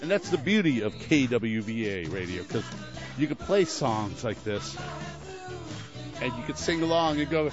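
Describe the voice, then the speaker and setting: A man's voice: mid-range voice, very animated, moderate pace. A young man from New Haven, Connecticut, hosting a radio show with rambling, jokey patter and bursts of singing along. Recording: dull lo-fi radio audio. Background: clear music.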